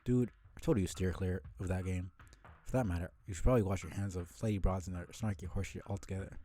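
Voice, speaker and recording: Male reader as sardonic teen boy, rambling and cocky, low warm voice. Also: fairly even intonation, fast, slight background noise, close to an everyday voice. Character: laid-back sardonic teenage boy who rambles.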